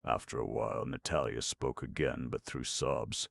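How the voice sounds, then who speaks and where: A man with an extremely low, gravelly voice narrates a folk tale at a steady storytelling pace. The recording is dry and close. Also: moderate pace, dry recording. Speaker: audiobook narrator. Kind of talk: scripted narration.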